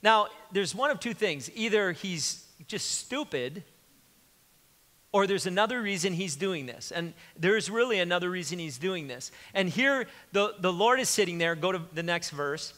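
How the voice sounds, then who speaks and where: Male pastor, bright high voice, casual joking sermon, reverberant church hall. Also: animated, moderate pace. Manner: conversational, joking, retelling scripture.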